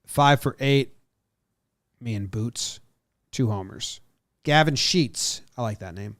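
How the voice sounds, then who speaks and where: A man's voice: medium pitch, slow pace, no echo, clean studio sound. Playful man reeling off baseball stats. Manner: animated, playful, reels off stats. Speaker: podcast co-host. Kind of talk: casual sports chat.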